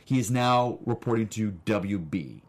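A man's voice: on the low side, animated, measured pace, a loud crowd. A man co-hosting a casual podcast, rambling through his points with frequent restarts. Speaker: podcast co-host. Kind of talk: casual chat.

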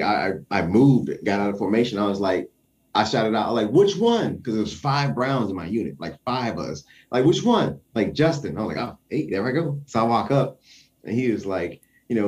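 Animated storytelling man, lowish voice. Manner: animated, acts out quoted voices, chuckles often. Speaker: guest telling a story. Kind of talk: casual storytelling in conversation.

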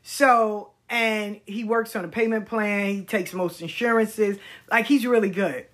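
A middle-aged woman speaks in a candid vlog monologue, her voice husky and breathy at a middle pitch. She talks bluntly, swears freely and hammers her points home by repeating words. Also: steady tone, a little slow. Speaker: vlogger. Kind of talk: candid personal commentary monologue.

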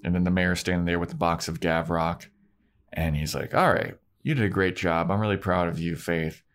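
A man co-hosting a TV recap podcast, chatting casually and acting out scenes in quick put-on voices, swearing freely. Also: sits low. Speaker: podcast co-host.

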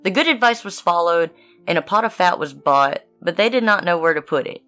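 A woman's voice: lowish voice, expressive, brisk, fairly bright tone, faint music behind. A woman reading fairy tales on a podcast and cutting in with blunt, laughing asides. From Southern United States. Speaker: podcast co-host, reader.

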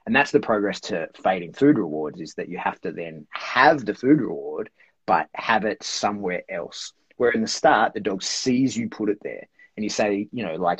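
A very low-voiced, husky man talks through dog training as an interview guest, rambling and leaning on "like" and "right?". The recording sounds dull and lo-fi. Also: expressive, moderate pace, fairly bright tone, no room sound. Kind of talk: casual explanatory interview talk.

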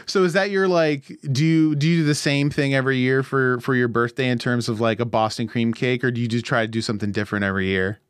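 An upbeat man co-hosting a casual gaming podcast, chatty and quick to laugh. His mid-pitched voice sounds dry and close to the mic. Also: steady tone, smooth, no room sound. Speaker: podcast host.

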